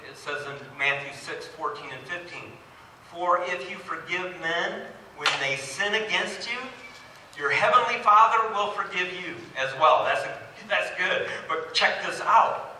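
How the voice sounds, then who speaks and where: A man preaching a sermon as pastor, telling stories with rising, animated emphasis. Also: a little high, recorded from a distance, a little hiss or hum. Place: church sanctuary. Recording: very echoey hall, mic from afar.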